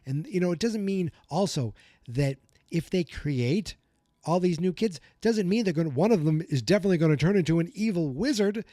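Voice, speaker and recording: Male podcast host, solo recap; animated, venting, higher pitch, dry close sound. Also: fairly quick, dry recording. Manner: animated, gets worked up and vents.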